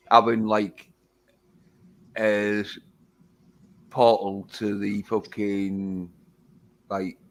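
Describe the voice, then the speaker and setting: A British man hosting a livestream, chatting loosely and rambling with a lot of swearing. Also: on the low side. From Britain. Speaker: livestream host. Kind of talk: casual chat.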